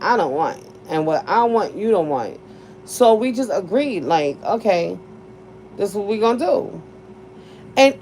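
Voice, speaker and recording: A woman talks frankly about her own life, swearing freely and laughing between points. Her pitch sits in the middle of the usual range for a woman. A faint noise floor lies under the recording. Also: dark tone, rough recording. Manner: blunt, profane, laughs often. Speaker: podcast host. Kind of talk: candid casual chat.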